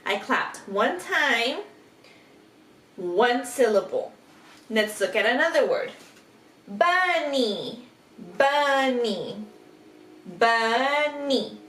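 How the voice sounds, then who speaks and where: Slow, patient kindergarten teacher woman. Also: on the high side, a bit bright, distant mic. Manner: slow, drawn-out, exaggerated sounding-out of letters and words; patient, encouraging teacher talk with questions to the listener. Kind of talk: recorded phonics lesson for young children. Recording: echoey room, off-mic, faint background hiss.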